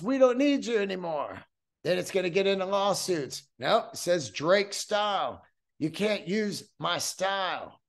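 Man, 50s, high voice, podcast host, profane rambling monologue.

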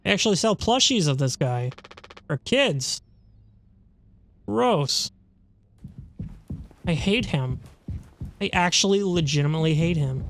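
A man's voice: on the high side, animated, a little slow, pauses often, a bit bright, slight background noise. A man hosting a let's play, giving sarcastic, profane running commentary on a horror game. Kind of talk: gaming commentary.

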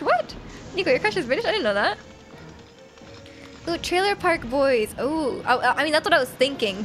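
A bubbly young woman with a bright, high voice chats with her viewers while playing, laughing often and teasing them. Her reactions jump up excitedly at tense moments in the game. Faint game music plays quietly behind her. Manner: giggly and excitable, reacting loudly to gameplay; reads chat aloud and teases viewers. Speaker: streamer. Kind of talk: casual live game stream, chatting with viewers.

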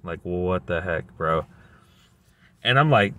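A man's voice: deep voice, lively intonation, takes it slowly, long pauses, sharp tone. A man telling a story in a casual, rambling, exasperated way, full of slang. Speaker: vlogger.

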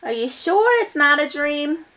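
A woman's voice: high-pitched, sing-song, unhurried, pushed and bright, pitched above the performer's own voice, heavily acted. A woman voicing a timid younger sister in a storybook, meek and pleading.

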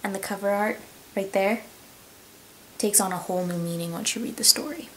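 A woman talks to camera about a book she loves in a casual home vlog. Her voice sits at a middle pitch, and she is earnest and gushing, restarting her sentences as she goes. A faint hiss runs under the recording. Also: steady tone, a little fast, poor audio. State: tearful, voice breaking. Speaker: book vlogger.

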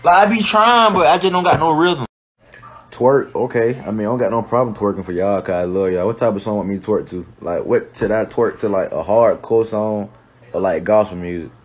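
A young man, talking in casual comedic commentary, animated, slangy and quick to laugh and swear. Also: fairly low pitch, slightly rough. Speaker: content creator.

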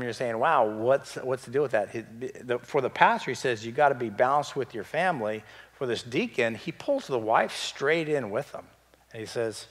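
Male pastor, casual animated Bible-study teacher, mid-pitched voice, long church reverb. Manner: conversational, animated teaching with asides and questions to the group. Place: church hall.

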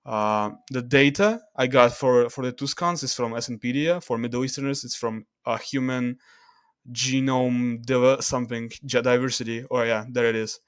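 A man talking through charts in a casual screen-share video, loose and halting, with restarts and fillers as he reads the numbers. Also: mid-range voice, steady tone, smooth, no room sound, clean studio sound. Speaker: video creator.

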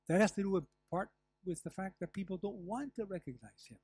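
An older man preaching a sermon as pastor, telling stories with lively asides and the odd laugh. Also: high-pitched, brisk, few pauses. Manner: animated storytelling with asides and laughs. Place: church.

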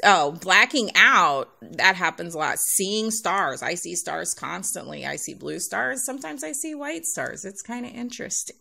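A woman's voice: fairly high pitch, gravelly, sharp tone. A middle-aged woman talking casually to her viewers, rambling, sighing often and laughing between points, audibly out of breath as she speaks. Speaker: YouTube nail artist. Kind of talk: casual talk to camera.

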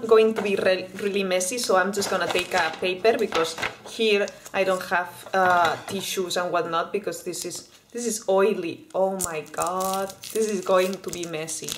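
A woman's voice: lowish voice, background noise. A woman from Spain in a casual vlog, chatting and eating as she tries candy, often restarting her words. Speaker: vlogger.

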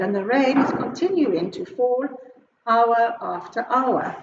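Slow, clear South African woman teacher. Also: fairly high pitch, a little hiss or hum. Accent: South African English. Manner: slow, clear teacherly explanation, switching between Afrikaans and English. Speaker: primary school teacher. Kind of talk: recorded online Afrikaans lesson. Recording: echoey, muffled home video recording.

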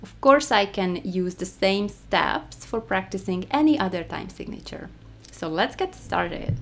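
A woman's voice: mid-range voice, lively intonation, a little slow, creaky, a little hiss or hum. A woman with a Hungarian accent teaching a rhythm lesson, counting the beats aloud and stressing the first. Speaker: music teacher.

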